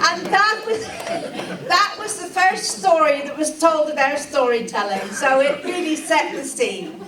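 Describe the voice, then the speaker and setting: A high-voiced woman with a Cornish accent tells stories in a chatty, laughing way. Her voice rings through an echoey room, picked up from well away from the mic on old archive footage. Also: lively intonation, takes it slowly, far from the mic, a crowd in the background. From Cornwall. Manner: chatty, laughing between anecdotes. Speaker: storyteller. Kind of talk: live storytelling.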